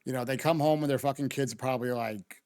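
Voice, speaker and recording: A man's voice: medium pitch, quick pace, darkish tone, no echo. A man streaming his reaction to a video, ranting casually and heatedly with lots of swearing and restarts, on a close microphone. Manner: profane, heated, argumentative, many restarts.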